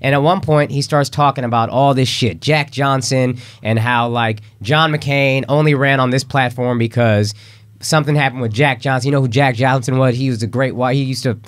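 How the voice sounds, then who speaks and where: A man's voice: medium pitch, fairly even intonation, moderate pace. A man co-hosting a podcast, telling a rambling anecdote and acting out the quotes. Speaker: podcast co-host. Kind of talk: casual storytelling.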